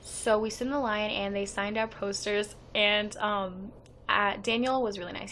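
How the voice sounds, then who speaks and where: Teen girl, casual vlog storytelling, excitable, chatty, quotes everyone, middle pitch, faint background hiss. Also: normal speed. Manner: chatty and excitable, quoting others with "like". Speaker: fan vlogger.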